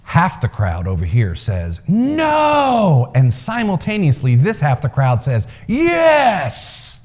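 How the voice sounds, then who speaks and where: Male coach, lively storyteller, mid pitch, reverberant hall. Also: moderate pace. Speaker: speaker, coach. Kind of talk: storytelling talk to a live audience.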